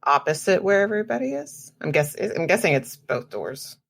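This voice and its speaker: A woman's voice: on the low side, big pitch swings, normal speed, gravelly. A woman playing a tabletop game, describing her character's actions in a matter-of-fact way. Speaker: player.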